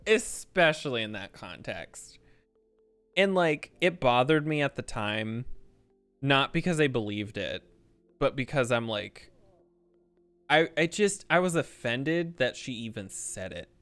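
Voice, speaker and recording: Smooth-voiced man ranting on stream. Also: medium pitch, unhurried, no room sound, faint music behind. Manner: animated, swearing, rambling with restarts. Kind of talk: casual rant during a game stream.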